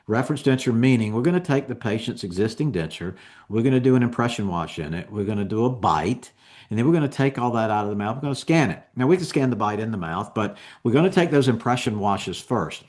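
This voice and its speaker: A man giving a continuing education lecture on dental technique, explaining each step in a relaxed, conversational way. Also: mid-range voice, quick pace.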